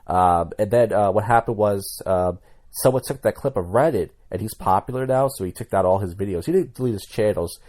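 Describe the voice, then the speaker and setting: A man's voice: on the low side, fairly quick, a little mellow. A man talking in a casual commentary vlog as a YouTuber, rambling and blunt, with many restarts.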